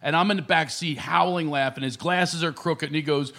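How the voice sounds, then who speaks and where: A man's voice: on the high side, fairly quick, creaky. A middle-aged male comedian from the Philadelphia area telling stories on a radio show, acting out voices and laughing often. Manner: animated storyteller, acts out voices, laughs often. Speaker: comedian guest.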